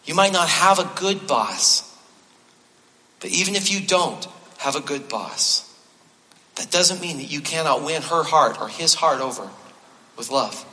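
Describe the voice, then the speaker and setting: Bright-voiced male pastor in a reverberant hall. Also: on the high side, lively intonation, unhurried, long pauses. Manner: conversational preaching with self-deprecating humor, repeating key phrases. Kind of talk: sermon. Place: church sanctuary. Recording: long reverb of a large hall.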